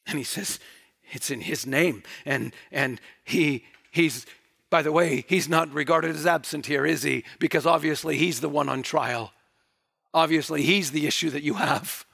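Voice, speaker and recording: A man preaching a sermon, breaking into loud, excited bursts and then dropping to hushed, quiet emphasis, with playful mock taunts when he acts out quoted speech. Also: moderate pace, vocal fry. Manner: animated, swings from loud bursts to hushed lows.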